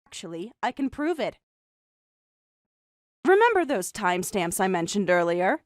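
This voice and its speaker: A young woman voicing a calm, mocking designer who also narrates the story in first person. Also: medium pitch, no echo, clean studio sound, lightly acted. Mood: cold mocking. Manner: cool, mocking, measured.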